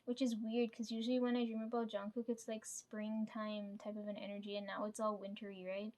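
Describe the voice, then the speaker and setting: A woman's voice: mid-range voice, little pitch movement, brisk, a little mellow. A woman casually retelling a dream in a rambling way, often checking in with "right?" and swearing freely. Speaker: vlogger.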